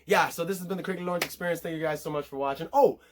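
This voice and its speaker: A man's voice: a little high, very fast, slight background noise. Profane, ranting man vlogger. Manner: blunt, heavily profane, heated. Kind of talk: casual commentary rant.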